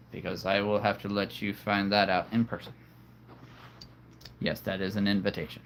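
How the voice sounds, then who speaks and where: A man's voice: fairly low pitch, a bit bright. A man hosting a casual livestream, chatting playfully with viewers and laughing at his own jokes. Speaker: livestream host.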